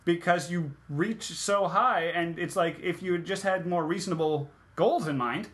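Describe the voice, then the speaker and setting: A man's voice: high voice, fairly bright tone. Wry man riffing on a movie. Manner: sarcastic, acts out lines from the film in quick put-on voices. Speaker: podcast co-host. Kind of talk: casual movie review chat.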